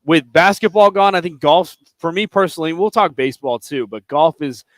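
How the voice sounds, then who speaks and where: A man's voice: fairly high pitch, fairly quick, dry recording. A man co-hosting a sports radio show, talking loosely and chattily with lots of filler words. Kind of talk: casual sports chat.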